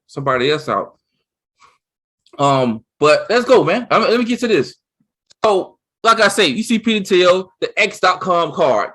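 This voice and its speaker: Talkative man, higher-pitched, rambling. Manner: excited, rambling, with lots of restarts and "you see what I'm saying". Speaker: co-host. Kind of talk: casual chat.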